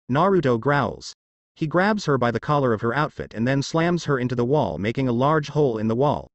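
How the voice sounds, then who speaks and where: A man's voice: medium pitch, lively intonation, a little fast, no echo, lo-fi sound. A man reading fan fiction aloud as narrator, stumbling over words now and then.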